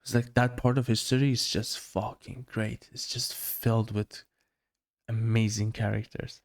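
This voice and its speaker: A man's voice: fairly low pitch, flat delivery, a little slow. A man co-hosting a casual podcast, rambling about movies and quoting lines from them. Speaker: podcast co-host. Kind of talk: casual chat.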